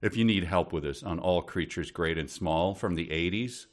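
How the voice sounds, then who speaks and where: A man's voice: deep voice, moderate pace. A man co-hosting a casual book podcast, wry and joking as he recounts the story. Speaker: podcast co-host.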